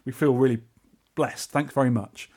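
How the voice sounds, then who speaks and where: A man with a London accent, co-hosting a podcast and telling a trip story in casual chat, animated and acting out the people he met. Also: medium pitch, moderate pace, husky. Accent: English, London. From England. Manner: animated, acts out quoted voices. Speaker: podcast co-host.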